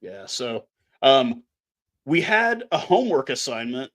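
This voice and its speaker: A man's voice: mid-range voice, sing-song, measured pace, a bit bright. A man from Canada co-hosting a casual podcast, talking bluntly and ranting with plenty of swearing. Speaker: podcast co-host. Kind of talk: casual chat.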